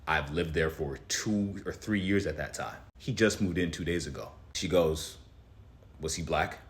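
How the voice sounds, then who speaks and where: A young man telling a personal story in an animated way, his voice climbing high when he gets worked up. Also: moderate pace. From United States. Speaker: commentator. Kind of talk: storytime commentary.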